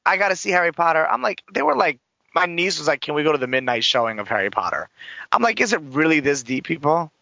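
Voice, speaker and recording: Animated gossipy host with a gravelly, bright voice. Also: mid-range voice, fast, no echo. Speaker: show host. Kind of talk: casual celebrity gossip chat. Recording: dull lo-fi recording.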